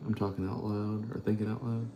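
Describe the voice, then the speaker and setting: A young man hosting a live stream, chatting casually and rambling as he thinks out loud and answers chat. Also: fairly low pitch, flat delivery, a little fast, vocal fry, slight background noise. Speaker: live-stream host painting cards.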